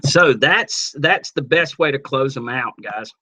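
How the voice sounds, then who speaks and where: A man teaching a webinar on network marketing, casual and energetic, acting out little sales dialogues as he goes. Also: mid-range voice, measured pace. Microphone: computer mic on a webinar.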